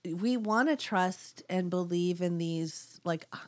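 A woman's voice: lowish voice, slow, darkish tone. A woman co-hosting a podcast in casual chat, talking loosely with many fillers and laughing easily. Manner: chatty, laughs easily, lots of "like". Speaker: podcast co-host.

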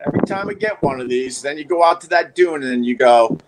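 A man telling a story casually, animated and swearing as he acts out his own reactions. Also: mid-range voice, fairly quick, very noisy. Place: house by a beach.

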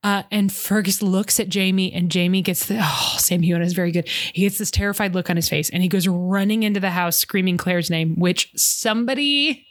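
A woman hosting a casual podcast, recapping a TV episode in a lively storytelling way with quick asides and frequent laughter. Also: fairly low pitch, no room sound. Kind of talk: casual chat.

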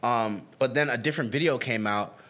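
A young man in easy, comedic chat, his talk loose and full of slang. He keeps acting out little quoted lines and bounces between stories, with his pitch sitting in an ordinary middle range. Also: fairly quick. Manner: animated, slangy, acts out quotes. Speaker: podcast co-host. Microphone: camera-facing home recording.

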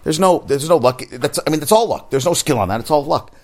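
A man who works as a personal trainer, talking casually about sports in a rambling, excitable way with frequent swearing. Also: fairly high pitch, fast talker. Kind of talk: casual sports chat monologue.

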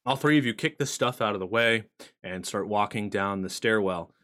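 A man narrating as game master of a streamed tabletop game, animated and swearing casually. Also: lowish voice, moderate pace.

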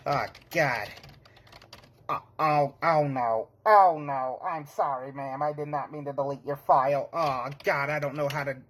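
A man's voice: a little high, steady tone, measured pace, fairly bright tone. Flustered young man in a panic. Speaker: comedy skit performer. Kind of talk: comedic sketch monologue.

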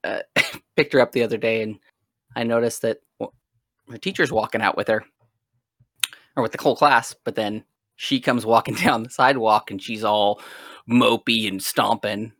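A man's voice: mid-range voice, moderate pace, fairly bright tone, no echo, studio quality. A young man, a podcast co-host, chatting casually and laughing often as he tells stories. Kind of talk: casual chat.

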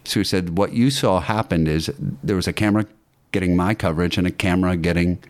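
A man's voice: sits low, fairly even intonation, quick pace. A man, an actor and acting teacher, telling an anecdote in casual podcast talk, with ums and restarts.

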